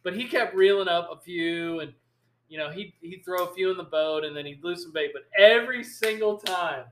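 Animated man telling stories. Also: on the high side, a little fast, a little hiss or hum. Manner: animated, rambling storyteller who acts out quotes. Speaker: podcast host. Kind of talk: casual storytelling chat. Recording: echoey room.

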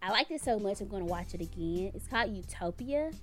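A woman's voice: medium pitch, lively intonation, fast, a bit bright, faint music behind. Outspoken woman giving blunt commentary. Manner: outspoken, opinionated, blunt with occasional swearing. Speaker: podcast co-host. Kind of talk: casual commentary chat.

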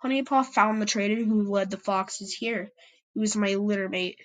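A woman's voice: mid-range voice, normal speed, close to an everyday voice, low-quality recording. A woman voicing a weary male cat clan leader in an amateur story podcast, giving grim news in a tired, matter-of-fact way.

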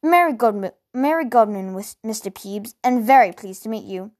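A woman's voice: fairly high pitch, lively intonation, moderate pace, a little mellow, close to an everyday voice. A woman reading the lines of a polite, eager young girl in a storybook, formal and earnest.

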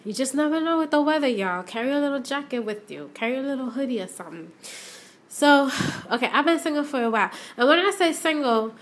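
A young adult woman with a voice pitched a little high chats casually on her own podcast. She talks straight to her listeners and repeats herself for effect, recorded in her shop as she steps in and out. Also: expressive, fast. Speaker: podcast host. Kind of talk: casual solo podcast chat. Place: shop, stepping in and out of doors.

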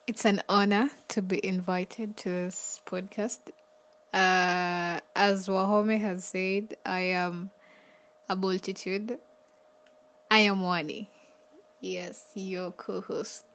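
A woman with a Kenyan accent, a podcast co-host who talks in a gentle, comforting way and giggles often. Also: mid-range voice, level tone, slow pace. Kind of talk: casual podcast chat.

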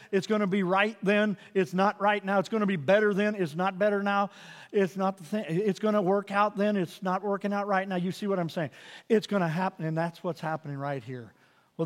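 A man preaching a sermon as pastor, building to loud emphatic peaks and dropping to quiet asides. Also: high voice. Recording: reverberant hall.

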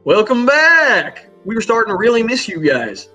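A man voicing a laid-back, gentlemanly cowboy sailor in a tabletop game, drawling and courteous. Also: sits high, very animated, moderate pace, highs cut off, soft background music, pitched above the performer's own voice, exaggerated voice. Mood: friendly.

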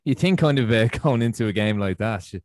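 A man hosting a casual chat, relaxed and laughing easily as he puts his questions. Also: medium pitch, brisk, dry recording, clean studio sound. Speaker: podcast host.

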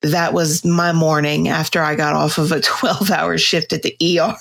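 A woman's voice: low-pitched, normal speed, creaky. A woman co-hosting a podcast, chatting casually and acting out the voices in her stories. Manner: animated storyteller, acts out quotes. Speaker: podcast co-host. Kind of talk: casual chat.

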